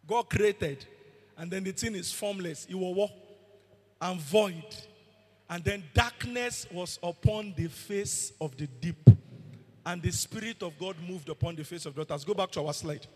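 Preacher guy, husky high voice, big echoey church hall. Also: unhurried. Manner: emphatic preaching, asks the congregation questions. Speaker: pastor. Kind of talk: sermon. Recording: long hall reverb.

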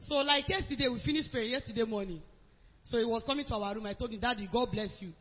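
A woman's voice: fairly high pitch, quick pace, slightly rough. A woman asking her pastor a question, earnest and hesitant with many fillers. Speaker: congregation member asking a question. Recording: echoey hall, dull lo-fi sound.

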